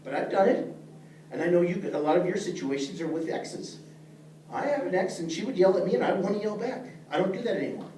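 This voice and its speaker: In a dark-toned, high-pitched voice, a middle-aged leadership instructor speaks quickly and with animation to his class. He stays earnest and plain-spoken, addressing the room head-on. The audio carries faint noise and room echo, picked up by a far-off microphone.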